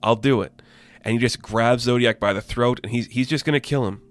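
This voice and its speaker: Excited man reviewing comics casually. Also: medium pitch, fairly quick, clean tone. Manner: excited and casual, swears freely.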